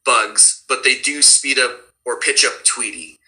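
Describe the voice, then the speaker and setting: A man and cartoon voice actor chatting casually, animated and slipping into character voices as he explains them. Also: medium pitch, measured pace, rough recording. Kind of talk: casual chat.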